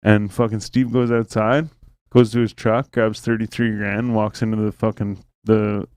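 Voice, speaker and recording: A man's voice: fairly low pitch, little pitch movement, normal speed, darkish tone, clean tone, no room sound. Rambling, foul-mouthed man telling stories. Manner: swears a lot, rambling storytelling with many fillers. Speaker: podcast host. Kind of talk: casual podcast chat.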